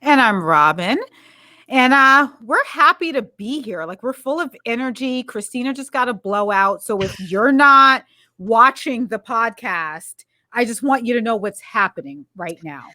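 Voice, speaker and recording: A woman's voice: a little high, lively intonation, measured pace, bright, forceful tone, dry recording, studio quality. A woman co-hosting a podcast in casual chat, talking in a rambling, candid way and correcting herself as she goes. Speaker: podcast co-host.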